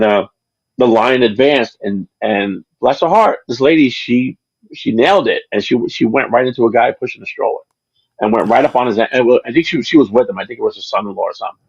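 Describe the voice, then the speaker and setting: A man with a gravelly, husky voice talks in a chatty, rambling way, often stopping and starting over as he tells his stories. The sound is dry and a little dull and lo-fi, with no room around it. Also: medium pitch, fast, no echo. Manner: rambling, chatty storyteller with frequent restarts. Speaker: channel creator, interview guest. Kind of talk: casual chat on a livestream.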